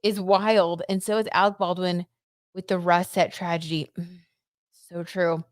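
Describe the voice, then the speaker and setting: A woman's voice: on the low side, level tone, unhurried, no room sound, studio quality. Chatty woman hosting a tarot livestream. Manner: chatty, reads viewer comments aloud, frequent "like" and "I don't know". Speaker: tarot reader and livestream host. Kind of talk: casual livestream chat.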